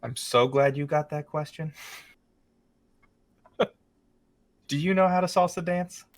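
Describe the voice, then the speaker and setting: A young man co-hosting a casual chat show, answering rapid questions with dry wit and some laughter. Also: fairly high pitch. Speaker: podcast co-host.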